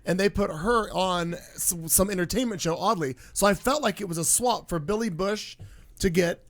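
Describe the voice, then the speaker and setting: An American man with a high voice hosts a casual chat show. He wanders off topic and loses his train of thought. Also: normal speed, a bit bright. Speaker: podcast host.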